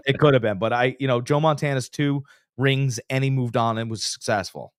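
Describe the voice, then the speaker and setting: A man's voice: mid-range voice, fairly quick, clear, resonant tone, dry recording, studio quality. A man co-hosting a casual sports podcast, telling stories with lots of energy and acting out the quotes. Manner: animated storyteller, acts out quotes. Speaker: podcast co-host.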